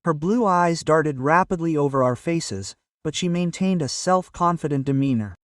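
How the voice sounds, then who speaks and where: A man's voice: a little high, animated, moderate pace, no echo. Dry, distant male audiobook narrator.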